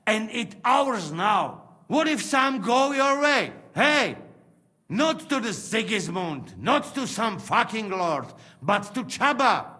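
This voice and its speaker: A man voicing a rough rebel soldier from the Trenčín region who speaks in clipped, broken sentences in a game cutscene. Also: high-pitched, sing-song, slow, pushed and bright, heavily acted. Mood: bargaining. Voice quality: broken, clipped speech with dropped words. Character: rough, wheedling male soldier haggling over hostages.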